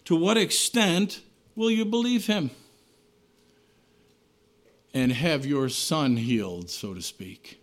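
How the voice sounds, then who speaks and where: A man preaching a sermon, earnest, rising to emphatic lines and then dropping low and quiet at the ends of phrases. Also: expressive, slow pace, pauses often. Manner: earnest preaching with wide swings between raised and hushed phrases.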